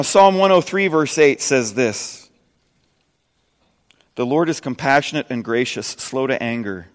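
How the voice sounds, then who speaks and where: A man in his fifties preaching a sermon earnestly, dropping soft and low, then rising loud and emphatic. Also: long reverb tail. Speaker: pastor.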